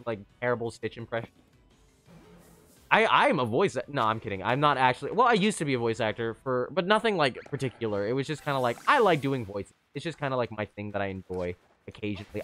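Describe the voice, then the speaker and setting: A man giving chatty, excitable live commentary on a game he is playing, with sudden high squeals. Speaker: streamer.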